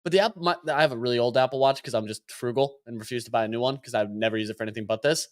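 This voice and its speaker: A man talks fast on a podcast. He is chatty and casual and says like a lot, in a mid-pitched voice. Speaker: podcast co-host. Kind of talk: casual chat.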